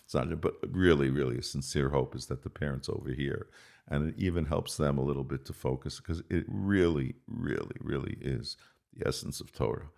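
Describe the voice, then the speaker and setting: Very deep gravelly older man. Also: brisk, a little mellow. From Queens, New York. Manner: reflective, repeats words while searching. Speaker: guest, musician and composer. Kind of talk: casual interview.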